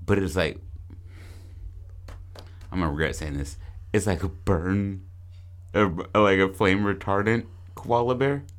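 A man co-hosting a podcast in casual chat, joking crudely and pitching ideas with restarts. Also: measured pace, pauses often. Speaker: podcast co-host.

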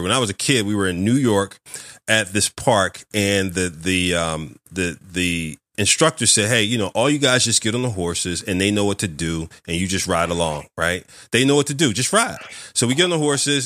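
Animated storytelling man, low voice. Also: no echo, clean studio sound. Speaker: podcast host. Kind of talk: casual interview chat.

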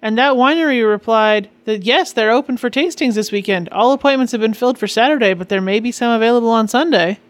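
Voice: medium pitch, quick pace, few pauses, dry recording. Co-host with brief dry remarks. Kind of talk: casual chat.

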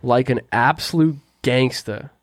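Young male co-host, animated slangy storyteller, dry close-up sound. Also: medium pitch, measured pace, no echo. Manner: animated storyteller, slangy, says "right?" a lot. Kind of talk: casual storytelling chat.

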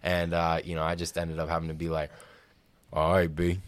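A man's voice: low-pitched, monotone, quick pace. A man, telling a rambling, laid-back story in a casual podcast chat. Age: 20s. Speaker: podcast co-host.

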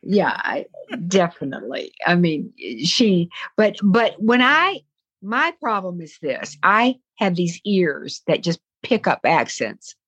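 A woman's voice: lowish voice, very animated, slow pace, a bit bright, slightly rough, no echo. An older woman with a Southern US accent, a voice-over actress telling rambling stories full of asides in a casual interview. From American South. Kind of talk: casual anecdotal interview talk.

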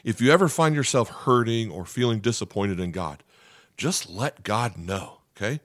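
A man's voice: lowish voice, animated, normal speed, dry recording, studio quality. A man preaching a sermon as a pastor, earnest and emphatic, often checking in with "okay?".

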